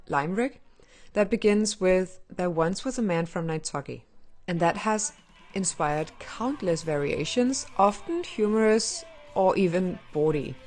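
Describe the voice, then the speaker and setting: A woman's voice: mid-range voice, a little mellow. A woman hosting a gaming channel, giving casual, playful commentary with nerdy asides while she explains things.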